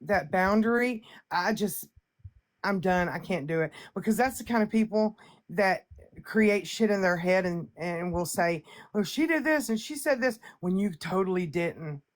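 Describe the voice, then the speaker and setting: A woman's voice: medium pitch, expressive, moderate pace. A woman hosting a livestream chat, brash and profane, boasting and ranting in a casual way. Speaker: livestream host.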